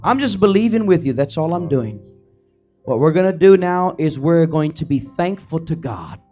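A man's voice: a little high, lively intonation, normal speed, warm tone. A male pastor leading his congregation in fervent, repetitive pleading prayer. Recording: dull lo-fi recording with faint music.

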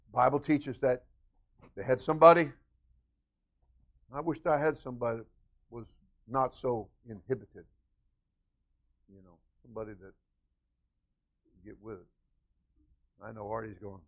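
A man preaching a sermon as senior pastor, animated and calling out to his congregation. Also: medium pitch, measured pace, pauses often, muffled recording. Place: church.

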